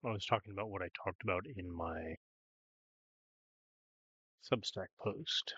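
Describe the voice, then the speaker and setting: A man's voice: low voice, measured pace, pushed and bright, husky, no room sound, lo-fi sound. A man hosting a daily gameplay video, thinking aloud in casual commentary with many ums and "right?"s.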